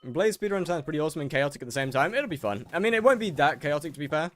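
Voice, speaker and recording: A man's voice: fairly high pitch, animated, very fast, fairly bright tone. A young man from England, streaming a game and bantering sarcastically with his chat. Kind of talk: casual chat with viewers while gaming.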